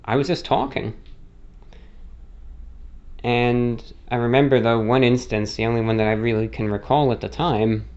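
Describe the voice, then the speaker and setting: American man, faint non-rhotic lilt, rambling host, mid pitch, slightly dull audio. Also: normal speed, long pauses, a little mellow. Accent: American with a mildly non-rhotic, slightly British-like lilt. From United States. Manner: rambling, self-correcting storyteller. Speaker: broadcast host answering a listener question. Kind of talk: casual monologue.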